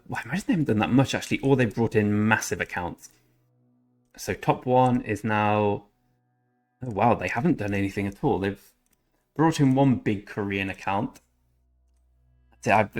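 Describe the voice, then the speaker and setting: A man rambling through casual commentary over his strategy game, often correcting himself mid-sentence. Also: mid-range voice. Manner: chatty, rambling, self-correcting. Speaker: gaming channel host.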